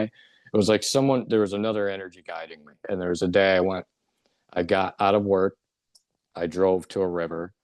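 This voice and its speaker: A man's voice: deep voice, darkish tone, dry recording. A middle-aged man earnestly recounting a personal spiritual experience as an interview guest. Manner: earnest, emotional storytelling. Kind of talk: personal testimony.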